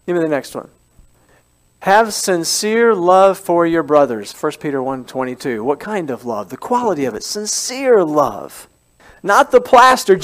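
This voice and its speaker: A man preaching a sermon as a pastor at a church service. He talks in a lively, conversational way, repeats his key phrases and asks the congregation questions. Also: fairly high pitch, measured pace.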